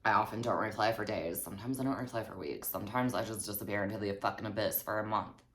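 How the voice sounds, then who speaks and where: A woman's voice: a bass voice, fairly even intonation, fast, a bit bright, a little hiss or hum. A woman telling a storytime vlog in a snarky, heavily profane way. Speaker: vlogger.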